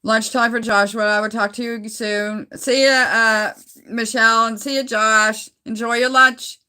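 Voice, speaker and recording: Middle-aged Canadian woman, phone livestream host, unhurried and bright, rambles with easy laughs. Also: fairly high pitch, steady tone, clean tone. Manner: chatty, rambling, laughs often. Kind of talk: casual live chat with viewers. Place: at home.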